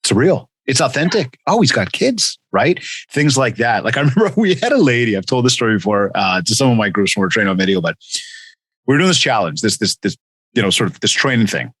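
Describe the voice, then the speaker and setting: Animated male podcast host. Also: mid-range voice, fast, breathy edge, no echo. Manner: animated storyteller, acts out quotes. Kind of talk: casual interview chat.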